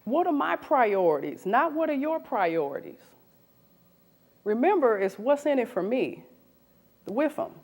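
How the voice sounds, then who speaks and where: Woman in her forties, recruiter presenting to a room; high, animated delivery, quizzes the audience. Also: measured pace, long pauses. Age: 40s. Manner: animated, asks the audience questions. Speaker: recruiter giving a talk.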